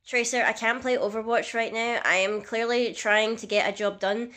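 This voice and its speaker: A woman's voice: on the high side, steady tone, moderate pace, hardly any pauses, a bit bright. A young woman vlogging casually in a chatty, self-mocking and dramatic way. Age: young adult. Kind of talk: casual comedic vlog.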